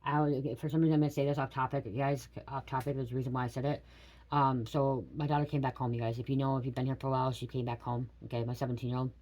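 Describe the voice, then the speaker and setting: A woman's voice: very deep voice, flat delivery, racing, a little mellow. A middle-aged woman giving a casual spiritual reading to camera. She rambles, swears bluntly and keeps checking in with "okay?". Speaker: tarot reader.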